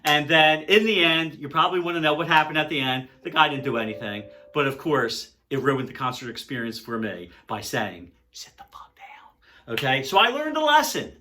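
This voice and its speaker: An older man with a bright, forceful voice tells a personal story straight to camera. He talks casually and animatedly, getting loud when excited and dropping to a hush when things turn grim. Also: on the high side, brisk, few pauses. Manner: animated, swings between loud excitement and hushed dread. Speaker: music vlogger.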